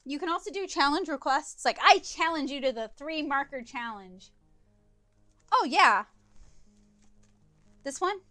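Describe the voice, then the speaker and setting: A woman's voice: high voice, animated, unhurried, long pauses, pushed and bright, soft background music. A woman hosting an art livestream, chatting casually and rambling a little, with self-deprecating asides. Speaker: livestream host and artist.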